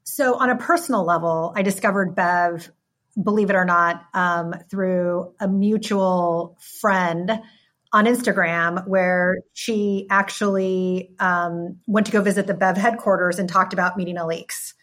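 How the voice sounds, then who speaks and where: A woman's voice: lowish voice, fairly even intonation, measured pace, fairly bright tone. Woman with polished business talk. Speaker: wine company executive. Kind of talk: interview answer.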